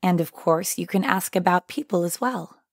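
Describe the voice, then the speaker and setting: A woman co-hosting a scripted language lesson, repeating phrases clearly for learners. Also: on the low side, normal speed, no room sound, clean studio sound.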